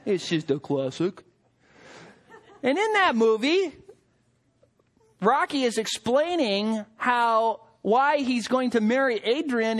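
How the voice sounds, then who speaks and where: A man's voice: extremely high pitch, takes it slowly, long pauses. A man preaching a sermon to husbands, with a joking, storytelling delivery. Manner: humorous, animated storytelling. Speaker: pastor.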